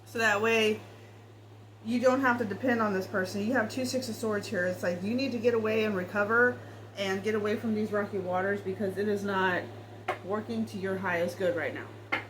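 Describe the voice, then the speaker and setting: A woman's voice: medium pitch, fairly even intonation, moderate pace, fairly bright tone, slight background noise, low-quality recording. A woman giving a casual tarot reading, talking straight to the viewer in a blunt, swearing way. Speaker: tarot reader.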